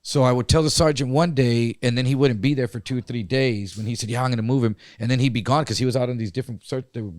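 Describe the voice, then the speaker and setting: A man co-hosting a podcast, telling a story in a casual, profane and animated way. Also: mid-range voice, fast talker, few pauses, dry recording, studio quality. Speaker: podcast co-host.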